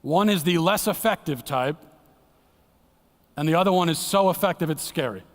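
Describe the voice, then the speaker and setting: Male guest preacher, earnest and dramatic, voice on the higher side, slips into hushed lows, church hall echo. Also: normal speed. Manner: earnest, dramatic, drops to a hushed low voice for emphasis. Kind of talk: sermon. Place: church sanctuary. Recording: long church hall reverb.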